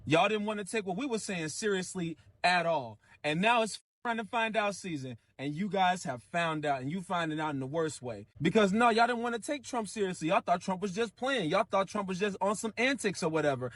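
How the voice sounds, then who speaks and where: A man's voice: high voice, lively intonation, brisk, hardly any pauses, fairly bright tone, dry recording, studio quality. A man giving a blunt, scolding rant in casual slang. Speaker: commentator. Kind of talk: ranting commentary.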